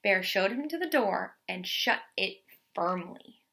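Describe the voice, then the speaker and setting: A young woman teacher reading a picture book aloud to children, expressive and pausing to ask questions. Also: medium pitch, gravelly. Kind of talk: children's story read-aloud.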